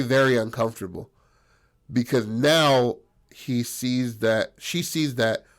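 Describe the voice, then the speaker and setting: Rambling, profane male storyteller. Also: mid-range voice. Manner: rambling, profane, filler-heavy. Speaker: podcast storyteller.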